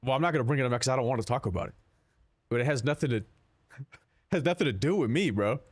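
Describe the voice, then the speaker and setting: A man's voice: mid-range voice, lively intonation, quick pace. A man streaming a game, chatting casually with his chat in a rambling, profane, laid-back way.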